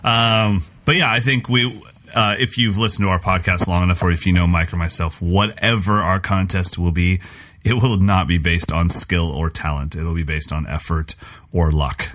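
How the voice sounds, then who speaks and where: A man's voice: sits low, steady tone, moderate pace, a bit bright. A middle-aged man co-hosting a podcast, joking around and scatting drum patterns aloud. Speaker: podcast co-host. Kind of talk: casual chat.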